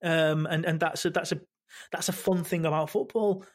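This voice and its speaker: A man, a football podcast panelist talking in a halting way full of restarts. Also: on the high side, fairly even intonation. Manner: halting, many restarts and fillers. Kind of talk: casual football chat.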